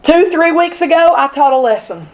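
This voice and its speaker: A woman teaching a women's Sunday school lesson, talking in an animated, conversational way to her class. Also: sits high, normal speed. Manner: animated and conversational, acting out Bible speakers. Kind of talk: women's Bible study lesson. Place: church classroom with a group.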